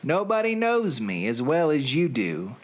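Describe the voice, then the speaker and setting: A man putting on a thick Southern US accent, reading song lyrics in a slow, drawn-out, deadpan recital. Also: a little high. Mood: drawling. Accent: Southern US, put on. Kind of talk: comic dramatic reading.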